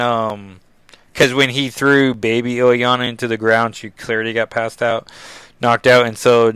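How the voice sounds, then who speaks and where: A man's voice: medium pitch, pushed and bright, smooth, no echo. A man hosting a podcast, recapping a comic book casually with lots of fillers. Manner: rambling, many fillers like 'like' and 'um'. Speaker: podcast host.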